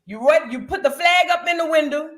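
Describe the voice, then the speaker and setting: A woman, co-hosting a chat show and telling stories in an animated, slangy way. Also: sits high, brisk. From United States. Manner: animated, slangy, repeats phrases for emphasis. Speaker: podcast co-host. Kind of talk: casual storytelling chat.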